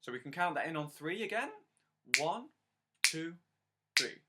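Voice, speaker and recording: A man's voice: on the high side, animated. A man teaching a harmonica lesson step by step, patiently counting in and praising the learner. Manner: counts in and sings lines slowly; encouraging, patient.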